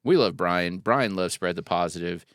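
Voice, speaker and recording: A man with a very deep voice and a gravelly fry hosts a relaxed chat show. He jokes easily and rambles, leaning on fillers as he goes. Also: moderate pace, no room sound, clean studio sound. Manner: friendly, joking, rambling with fillers. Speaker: podcast host. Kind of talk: casual interview chat.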